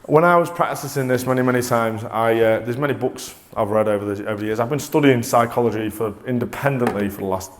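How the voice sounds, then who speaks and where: A man presenting a motivational talk to a live audience, energetic and coaxing, often restarting mid-sentence. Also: mid-range voice, fast talker, few pauses, slight background noise. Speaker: corporate presenter.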